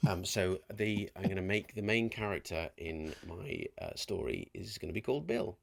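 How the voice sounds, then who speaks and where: A man's voice: sits low, moderate pace, creaky, no echo. A man co-hosting a podcast, telling a rambling story in casual chat and laughing often. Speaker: podcast co-host.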